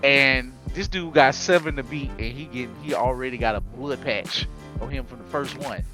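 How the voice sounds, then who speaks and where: A man hosting a casual anime podcast, telling it in an animated, slangy way with frequent laughs. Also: medium pitch, moderate pace, faint music behind. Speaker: podcast host.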